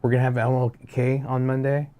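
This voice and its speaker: A man's voice: mid-range voice, little pitch movement, fairly quick, mellow. A man co-hosting a casual talk show, upbeat and chatty with plenty of fillers. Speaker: podcast co-host. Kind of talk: casual chat.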